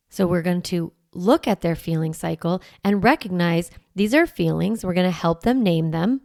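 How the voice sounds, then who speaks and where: Woman parenting coach for a podcast, direct and practical, gravelly edge, dry close sound. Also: on the low side, no room sound. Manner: warm, direct coaching, acting out parent lines in a firm strong voice. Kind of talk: podcast advice talk.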